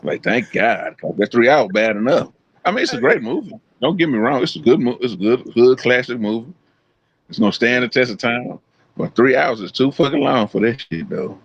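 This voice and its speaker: A man's voice: mid-range voice, a little fast, husky. A man co-hosting a live podcast, telling stories in casual, profane chat and acting out his own quotes. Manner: profane, animated storytelling with voiced quotes. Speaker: podcast co-host. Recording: dull lo-fi sound.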